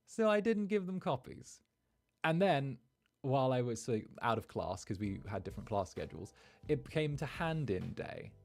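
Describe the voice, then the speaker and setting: A man streaming as a VTuber, telling a story in an animated, chatty way and acting out the quotes. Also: mid-range voice, moderate pace, vocal fry. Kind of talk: casual storytelling.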